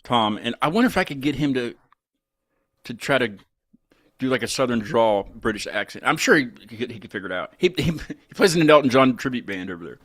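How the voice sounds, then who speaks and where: A man's voice: medium pitch, expressive, fairly quick, fairly bright tone, no room sound. A man from West Virginia hosting a live show, chatting casually and laughing often. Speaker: show host.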